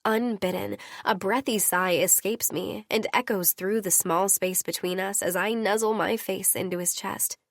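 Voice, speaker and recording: A woman's voice: medium pitch, fairly even intonation, normal speed, gravelly, few pauses, no echo, studio quality. A woman narrating a romance audiobook in an intimate first-person reading.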